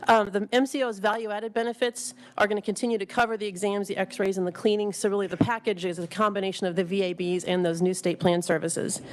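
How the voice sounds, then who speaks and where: A woman delivers committee testimony at a quick clip, racing through her points. She fills gaps with ums and often restarts her sentences, though her pitch stays at an ordinary middle level. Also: steady tone. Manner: rushed, with frequent ums and restarts. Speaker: executive director testifying to a legislative committee.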